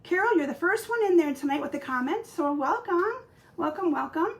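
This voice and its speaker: Chatty woman with a slightly hoarse voice. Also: very high voice, expressive, fairly quick. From Michigan, US. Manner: chatty, greets viewers by name, many fillers. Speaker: craft demonstrator hosting a weekly live stream. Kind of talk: casual live-stream chat with viewers.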